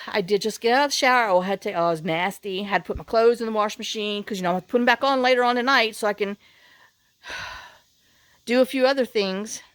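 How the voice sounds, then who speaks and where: A woman's voice: on the high side, no echo. Middle-aged woman, casual vlog chat, worn out and sighing, rambling, dry close sound. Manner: rambling, sighing, full of fillers and restarts. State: worn out and hot after outdoor work. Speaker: vlogger. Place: outdoors on rural property.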